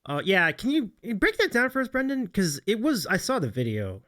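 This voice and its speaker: A man's voice: high-pitched, huge pitch swings, brisk, fairly bright tone. A man hosting a casual livestream chat, reading viewer comments aloud and laughing often. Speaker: host.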